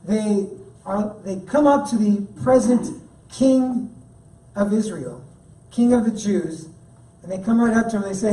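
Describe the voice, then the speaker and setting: A man's voice: high-pitched, expressive, unhurried, dark tone. A man giving a sermon as guest speaker at a church, talking in a casual, joking way. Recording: echoey room, mic at a distance.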